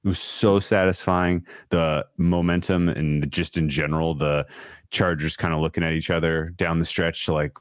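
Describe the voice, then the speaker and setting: This is a man with an extremely low, deep voice hosting a casual sports talk show. He picks apart coaching decisions in an opinionated, analytical way and often restarts his sentences. The sound is dry and close, with no room around it. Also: fairly even intonation, normal speed, clean tone, no room sound. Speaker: sports podcast host.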